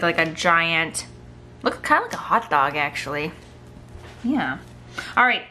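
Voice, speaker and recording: Woman, kids' art teacher, playful, animated, bright voice, lively pitch. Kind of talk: kids' drawing tutorial.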